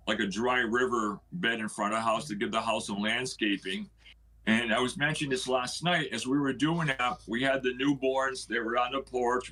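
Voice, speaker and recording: Husky middle-aged man telling a story. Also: medium pitch, pushed and bright, poor audio. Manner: earnest storyteller who acts out quoted speech. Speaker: house owner telling its history. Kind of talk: storytelling on a live stream.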